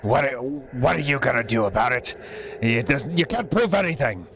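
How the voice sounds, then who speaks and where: A man's voice: mid-range voice, very animated, moderate pace, vocal fry, noisy background. A man voicing a small, panicky male goblin who squirms and whines out frantic denials. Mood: defiant.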